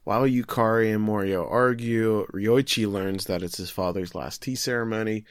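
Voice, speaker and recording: Low-voiced man, casual and joking. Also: smooth, no room sound, clean studio sound. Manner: joking, acts out characters' lines in quick voices. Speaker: podcast co-host recapping an anime episode. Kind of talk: casual chat.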